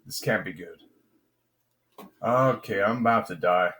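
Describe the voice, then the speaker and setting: Slow-talking excitable gamer man. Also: fairly low pitch. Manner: excitable, frustrated outbursts and shouting. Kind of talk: casual gameplay commentary.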